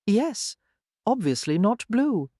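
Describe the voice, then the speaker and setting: A narrator voicing a spirited, proud young lady from a Regency romance audiobook, with sharp, cold retorts set higher than the narration. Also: sing-song, slow, dry recording, clean studio sound. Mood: indignant. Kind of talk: audiobook dialogue.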